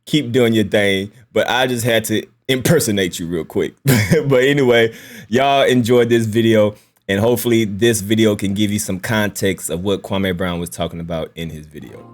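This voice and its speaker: A man's voice: on the low side, moderate pace. A man hosting a casual commentary video, talking in loose, joking slang. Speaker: YouTube commentary host.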